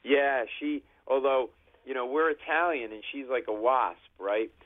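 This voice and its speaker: A man from Providence, a comedian calling in and telling stories in a lively way, acting out bits of voices. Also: medium pitch, unhurried. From Providence, Rhode Island. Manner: animated storyteller, acts out voices. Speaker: comedian guest. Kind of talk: phone-in comedic chat. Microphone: phone call. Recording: tinny phone line.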